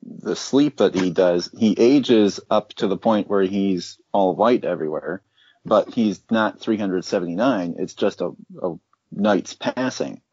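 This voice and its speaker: A man's voice: low voice, a little slow, a little mellow, breathy edge, no echo, dull audio. A man in a casual book discussion, explaining in a matter-of-fact way.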